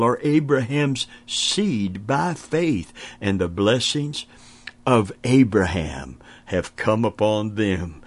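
A man preaching a sermon in a slow, deliberate way, stressing words with repetition and frequent hallelujahs. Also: lowish voice. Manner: emphatic repetition.

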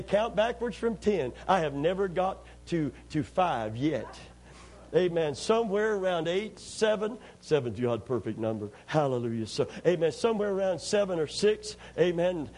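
Lively husky male preacher. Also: a little high. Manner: lively storytelling, asks the congregation to answer; folksy, humorous asides. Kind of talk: sermon with call and response.

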